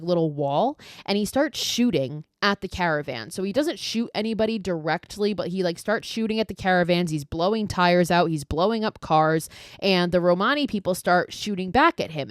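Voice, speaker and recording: Recapping a movie on her podcast, this fairly low-voiced woman chats casually, cursing freely and leaning heavily on "like." The audio is studio quality with no room sound.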